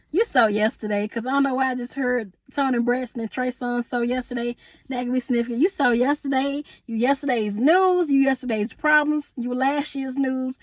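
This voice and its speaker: Her voice sits high and the recording has no room sound. As a tarot reader she's chatty and sassy with her viewers, laughing a lot, calling them honey and boo, and addressing spirit out loud.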